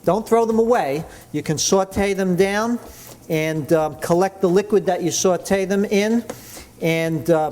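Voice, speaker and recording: With a high-pitched, darkish voice, a man teaches cooking in a demonstration. He's talkative and full of praise, explaining every step excitedly.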